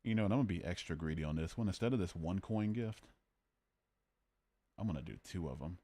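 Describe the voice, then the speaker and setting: A man's voice: low voice, brisk, mellow, no echo. A man hosting a casual livestream, arguing about morality and joking as he reads out his chat. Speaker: livestream host.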